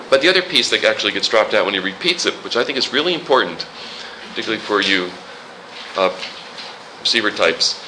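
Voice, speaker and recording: Male pastor, very bright tone, chatty sermon with jokes, faint room noise behind. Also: lowish voice, poor audio. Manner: conversational, joking asides.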